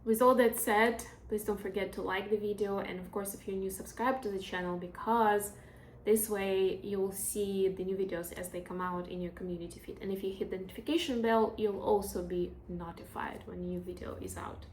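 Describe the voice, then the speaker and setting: A woman's voice: medium pitch, steady tone, darkish tone. Lady doing tarot chat, rambly with ums, mid voice, roomy echo and faint hum. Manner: chatty, rambling, many filler pauses. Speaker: tarot reader. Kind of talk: casual tarot reading chat.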